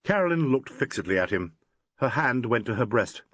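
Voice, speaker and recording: Expressive male narrator, husky and animated. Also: medium pitch, moderate pace, no room sound. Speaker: audiobook narrator. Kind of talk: scripted narration.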